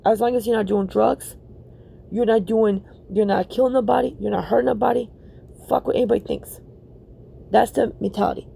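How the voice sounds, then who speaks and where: A woman's voice: a little high, fairly even intonation, fairly quick, vocal fry, warm tone, a little hiss or hum. A woman hosting a reaction video, ranting bluntly and profanely and repeating herself for emphasis.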